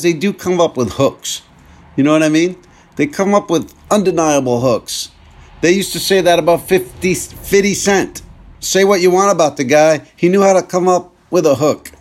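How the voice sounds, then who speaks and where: A man hosts a loose, joking countdown show, speaking from inside his car. His voice sits a little high, and he wanders from thought to thought with a wry, chatty manner. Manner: wry, joking, thinking aloud. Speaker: show host. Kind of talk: casual rambling monologue.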